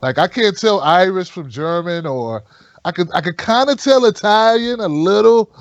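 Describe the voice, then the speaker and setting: Guy telling stories, kinda high voice, swears, dull lo-fi sound. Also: lively intonation, moderate pace, no echo. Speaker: guest. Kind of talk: casual chat.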